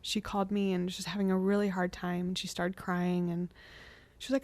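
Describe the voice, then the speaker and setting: A woman co-hosting a podcast, talking candidly and reflectively with frequent restarts and soft laughs. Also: mid-range voice, flat delivery, brisk, vocal fry, dry recording. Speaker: podcast co-host. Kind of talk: candid conversational podcast chat.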